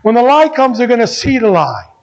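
A middle-aged man preaching a sermon as pastor, earnest and repetitive, moving between emphatic lines and soft ones. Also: very high voice, big pitch swings, fairly quick, vocal fry, highs cut off.

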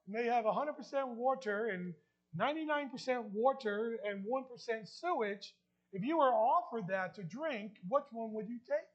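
A man's voice: high voice, highs cut off. A man with a New Jersey accent preaching a sermon as pastor, emphatic, repeating key lines and putting questions to the congregation.

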